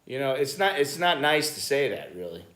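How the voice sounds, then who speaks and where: A US-born vlogger chats loosely on his live stream from a Bangkok home, cursing casually as he wanders from topic to topic. The voice is mid-range and fairly bright, moving at a moderate pace with big pitch swings, and the room echoes noticeably.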